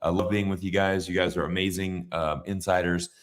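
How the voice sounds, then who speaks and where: A man's voice: low-pitched, little pitch movement, a little fast. A man hosting a political livestream, talking in a rambling, emphatic way with many fillers and restarts. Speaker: livestream host. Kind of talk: casual political livestream chat.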